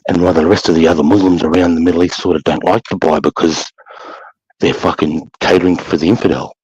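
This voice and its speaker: A deep-voiced Australian man talks bluntly on a livestream, peppering his lines with mate and swearing. His voice sits low and the sound is dry and close. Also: fairly even intonation, quick pace, a little mellow, slightly rough, dry recording, muffled recording. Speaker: livestream co-host. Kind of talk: casual chat.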